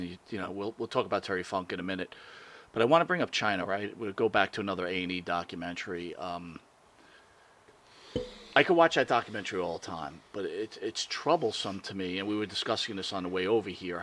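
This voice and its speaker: A man's voice: low-pitched, pushed and bright. A man hosting an interview, asking long, hesitant questions. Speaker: podcast host.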